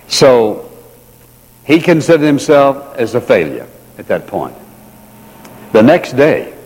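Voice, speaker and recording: A man preaching a sermon in an earnest way, slowing down and repeating key phrases for emphasis. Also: medium pitch, a little mellow. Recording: long reverb of a large hall.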